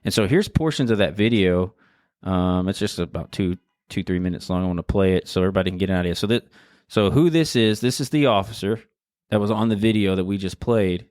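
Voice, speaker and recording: Low-voiced man hosting candidly. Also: a little fast, darkish tone, dry recording, studio quality. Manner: candid, many fillers. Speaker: podcast host. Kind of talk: casual interview commentary.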